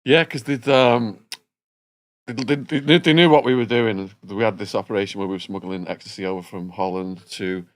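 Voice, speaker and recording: Low-voiced man filling in the backstory. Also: steady tone, normal speed. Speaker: podcast host. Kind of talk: casual podcast chat.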